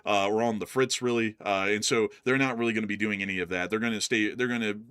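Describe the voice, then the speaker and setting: A man with a fairly low voice talks through viewer questions on a live stream. He speaks casually and conversationally, often pausing on fillers and restarting his sentences. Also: fairly even intonation, a bit bright, smooth. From United States. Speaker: co-host answering viewer questions.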